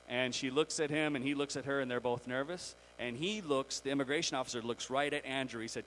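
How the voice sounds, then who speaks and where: A man preaching a sermon, telling a story in an animated way and acting out the characters before turning to scripture. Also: medium pitch, quick pace, hardly any pauses, slight background noise, low-quality recording. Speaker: pastor.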